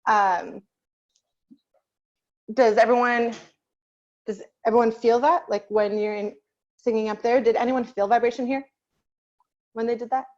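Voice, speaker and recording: A woman's voice: on the high side, steady tone, a little slow, pauses often, darkish tone. Lady teaching singing over a video call, keeps asking the class stuff, kinda dull lo-fi audio. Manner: patient, asks the class questions and waits. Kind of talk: online group voice lesson.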